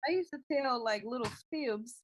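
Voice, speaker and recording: A woman's voice: a little high, normal speed, a little hiss or hum. A woman guest on a podcast call, telling easygoing personal anecdotes. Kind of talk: casual chat.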